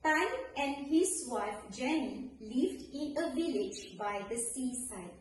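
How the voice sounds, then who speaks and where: A woman teacher with a high, sing-song voice walks pupils through a grammar lesson, slowly and clearly. She sounds distant from the mic in a very echoey room with faint background noise. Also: lively intonation. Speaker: primary school English teacher.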